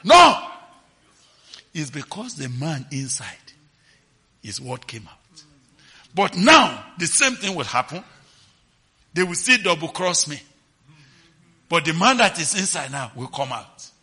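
Man, preacher, sermon, slow delivery, very bright tone, husky. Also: a little high. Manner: animated, swings from quiet to shouting, asks listeners questions.

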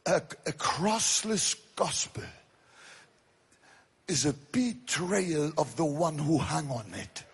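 A man preaching an evangelistic sermon, shouting at the high points and dropping low to tell stories. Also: very animated, takes it slowly, slightly rough. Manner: impassioned, shouting at climaxes, then dropping to quiet storytelling.

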